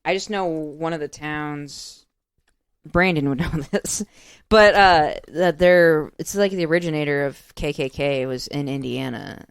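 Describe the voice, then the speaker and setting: A woman's voice: low-pitched, measured pace, smooth, no echo, studio quality. A woman co-hosting a comedy podcast, talking bluntly and swearing freely. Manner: blunt, profane, incredulous. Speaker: podcast co-host. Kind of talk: casual podcast chat.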